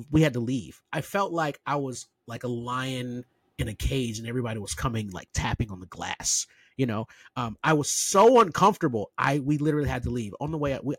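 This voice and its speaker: A man co-hosting a podcast, telling a story in a loose, rambling way, full of restarts and lively impressions. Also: mid-range voice, husky, no room sound. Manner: rambling, self-interrupting, animated impressions. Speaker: podcast co-host. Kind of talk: casual chat, storytelling.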